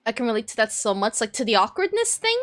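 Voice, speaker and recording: A woman's voice: a little high, big pitch swings, fast. A young woman vtuber chatting casually on a live stream, flustered and rambling, with lots of restarts and apologies. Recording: faint music behind. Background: faint background music.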